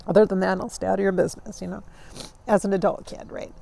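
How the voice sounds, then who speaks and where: Woman in her 40s rambling on her vlog, kinda gravelly, mellow low-key tone, laughs a lot. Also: brisk, slight background noise. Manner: rambling, warm-hearted, laughs often. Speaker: vlogger. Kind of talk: reflective casual monologue.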